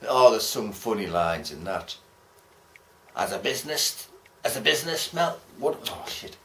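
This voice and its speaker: A man's voice: mid-range voice, animated, a little slow, slight background noise. A man giving a casual, rambling film review, chatty and swearing casually as he talks. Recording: roomy echo.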